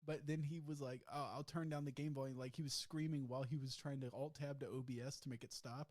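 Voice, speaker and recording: A man's voice: mid-range voice, fairly even intonation, fast, a little mellow, dry recording, clean studio sound. A man hosting a podcast in casual chat, laughing often and swearing freely. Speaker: podcast host.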